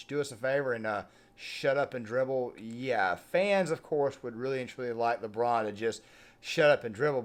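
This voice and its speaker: Man, sports commentary, ranting, emphatic, medium pitch. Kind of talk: opinionated commentary.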